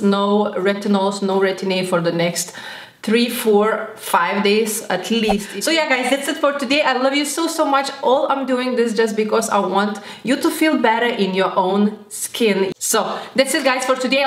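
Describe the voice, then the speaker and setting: Gushing woman vlogger in an echoey room. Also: medium pitch. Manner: gushing, effusive, repeats words. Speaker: skincare vlogger. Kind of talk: casual vlog to camera.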